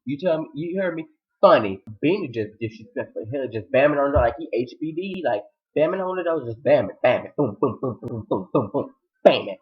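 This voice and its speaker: A man giving an animated recap of a TV episode, acting out the characters' lines with sudden high-pitched outbursts. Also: a little fast, muffled recording. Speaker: TV episode reviewer.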